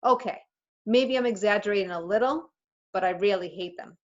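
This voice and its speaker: A woman teacher reading a children's novel aloud to her class in a steady storytelling voice. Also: medium pitch, fairly quick. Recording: slightly muffled recording.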